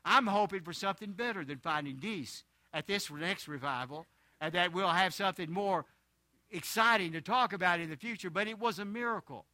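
Older pastor telling a folksy sermon story. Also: male voice, sits high, fairly quick, bright, forceful tone, no echo. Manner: homespun storyteller, chuckling asides.

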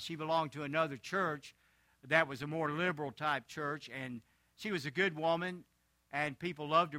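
Older pastor telling a folksy sermon story. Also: male voice, on the high side, sharp tone, no echo. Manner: homespun storyteller, chuckling asides.

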